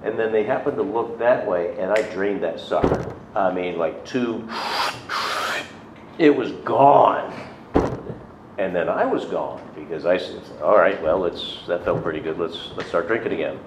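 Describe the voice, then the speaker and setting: Speaking at a measured pace in a deep voice, this middle-aged recovery speaker tells his personal story casually and with self-deprecation, imitating those he quotes. Faint noise sits under a roomy, dull, lo-fi recording.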